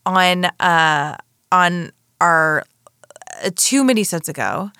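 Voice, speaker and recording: A woman's voice: fairly low pitch, expressive, a little slow, pushed and bright, smooth, no room sound, clean studio sound. A woman co-hosting a podcast in casual chat, reacting with enthusiasm and adding her own asides. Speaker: podcast co-host.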